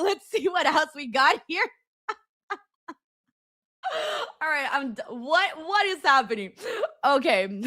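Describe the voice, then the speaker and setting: A woman's voice: high-pitched, sharp tone, dry recording, studio quality. A woman hosting a live stream watchalong, reading viewer comments aloud with frequent laughter and playful jokes. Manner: giggly, joking, reading chat comments aloud. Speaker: host.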